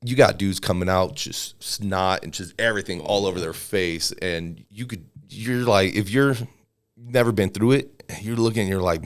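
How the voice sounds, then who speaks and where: His voice sits low and moves at an ordinary pace as this forty-ish former soldier turned MMA fighter swaps easygoing stories on a podcast. Quoting others, he performs them with a raised voice.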